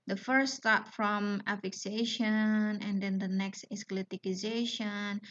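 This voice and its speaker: Slow, careful woman teacher, lo-fi audio. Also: mid-range voice. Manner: slow, careful explaining with many fillers and "yeah?" checks. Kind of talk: recorded online lesson. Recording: dull lo-fi home video audio.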